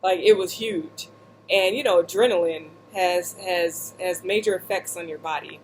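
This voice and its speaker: A woman vlogger seated indoors, casually telling a story in an animated, joking way with lots of asides. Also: lowish voice, moderate pace, slight background noise, poor audio.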